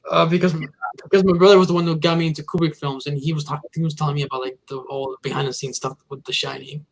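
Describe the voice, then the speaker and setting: A man on a casual movie podcast, talking in a relaxed way. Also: on the high side, fast, vocal fry, rough recording.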